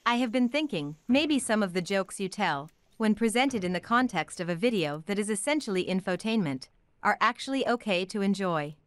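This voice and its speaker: A woman's voice: mid-range voice, expressive, moderate pace, clean tone, no echo, lightly acted. A woman voicing an earnest female AI assistant program, speaking in a formal, literal, precise way.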